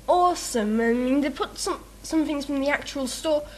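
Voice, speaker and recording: A woman's voice: high voice, normal speed, a little hiss or hum. Giggly, rambling young woman. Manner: rambling, giggly, self-mocking, lots of fillers. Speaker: video maker answering a meme questionnaire. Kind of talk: casual chat.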